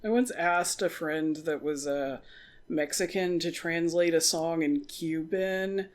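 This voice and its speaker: A woman co-hosting a podcast, talking quickly and jokingly with lively asides. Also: low-pitched. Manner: quick, animated talker with jokey asides. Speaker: podcast co-host. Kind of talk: casual chat.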